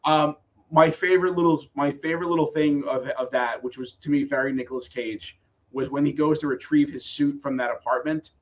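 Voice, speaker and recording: A man's voice: fairly high pitch, fairly even intonation, brisk, lo-fi sound, slight background noise. A man co-hosting a podcast, chatting casually. He talks hesitantly and agreeably, with frequent restarts. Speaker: podcast co-host. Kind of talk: casual chat.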